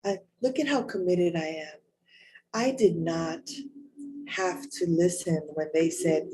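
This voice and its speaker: A woman's voice: sits low, measured pace, pauses often, background noise. A woman preaching a raw, emotional sermon, candid and searching for words. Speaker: spiritual leader. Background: music.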